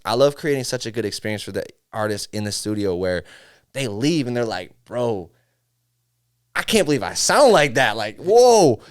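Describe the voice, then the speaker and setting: A man with a lowish, clean voice chats casually as a podcast guest. A music engineer from Syracuse, upstate New York, he's an animated storyteller who acts out studio conversations while telling them and says "bro" frequently.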